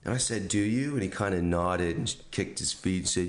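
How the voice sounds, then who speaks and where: A man tells a funny story in a relaxed podcast chat. His voice sits fairly low, and he jumps up in pitch whenever he acts out what someone said. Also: brisk. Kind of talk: casual anecdote.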